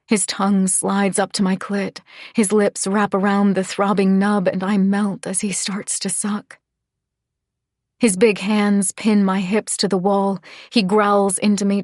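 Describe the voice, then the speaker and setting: A woman narrating a first-person romance audiobook in a soft, breathy, half-whispered reading. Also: mid-range voice, no echo, clean studio sound.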